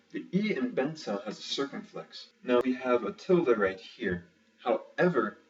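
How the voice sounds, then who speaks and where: A man explains a language lesson one rule at a time and drops in dry, wry asides. He sits back from the mic, and the sound is dull and muffled. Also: mid-range voice. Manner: dry, wry asides while walking through rules step by step. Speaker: language teacher. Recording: muffled, somewhat distant mic.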